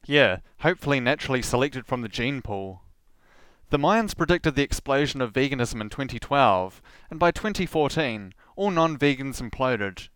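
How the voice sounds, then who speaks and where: A man's voice: medium pitch, lively intonation, normal speed, fairly bright tone, clear, resonant tone, no echo. A man hosting his own podcast, reading a scripted narration in an earnest tone with dry, wry asides. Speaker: podcast host.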